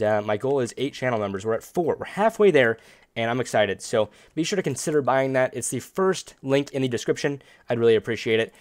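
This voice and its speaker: A man's voice: mid-range voice, no echo. Upbeat man giving casual gameplay commentary. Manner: upbeat, chatty, jumps to loud outbursts and playful groans. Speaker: gaming video host.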